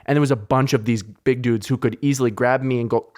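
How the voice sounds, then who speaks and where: A young man in casual podcast chat, swearing freely as he retells things that riled him up. His voice sits at an ordinary middle pitch, and his talk stays lively and loose. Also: fast, slight background noise. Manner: animated, profane, heated retelling of anecdotes. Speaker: podcast host.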